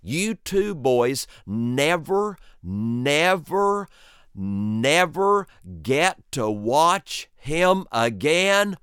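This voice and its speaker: Man doing angry storybook mom, raised pitch, fast scolding, dry sound. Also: sing-song, a bit bright, clean tone, no room sound, heavily acted. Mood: furious. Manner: rapid, emphatic scolding. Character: furious scolding mother, middle-aged woman.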